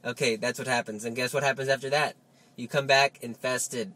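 A man giving a lively Catholic teaching talk, full of rhetorical questions and coaxing asides. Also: mid-range voice, fairly quick. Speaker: Catholic speaker. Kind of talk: spoken religious teaching.

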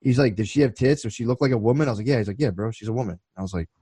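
A man's voice: mid-range voice, very fast, warm tone, slightly rough, no echo, rough recording. Profane rambling podcast guy. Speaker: podcast co-host. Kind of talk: casual chat.

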